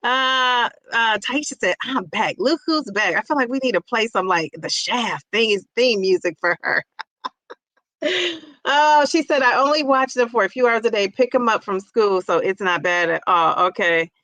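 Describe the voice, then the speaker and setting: A woman's voice: on the high side, normal speed, no echo, rough recording. A woman in her fifties from Ohio, hosting a casual livestream and chattily greeting viewers from the chat. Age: 50s. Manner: chatty and effusive, greets viewers with loud bursts. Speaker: livestream host reading chat.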